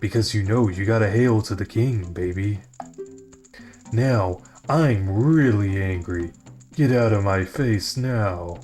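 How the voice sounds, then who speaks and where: A man voicing the huge, angry male chief of a rock-creature race from a video game, reading his lines in a slow, stern, blustering way. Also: on the low side, a little mellow, soft background music.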